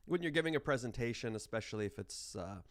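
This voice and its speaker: A man's voice: medium pitch, lively intonation, fast talker, no room sound. A man teaching a math class in an informal, explaining way, holding back a cough while chewing gum. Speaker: math instructor. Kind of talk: class lecture.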